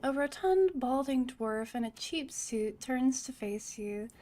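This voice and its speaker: A woman's voice: high-pitched, expressive, slow pace, warm tone. A woman streaming a role-playing game, reading narration aloud with casual asides. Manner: casual, chatty asides between read narration.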